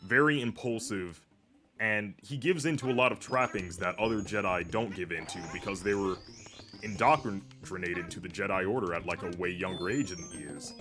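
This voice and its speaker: Young male streamer, low-pitched and rambling, loose filler-heavy commentary, game music playing underneath. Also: normal speed. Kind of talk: casual gameplay commentary.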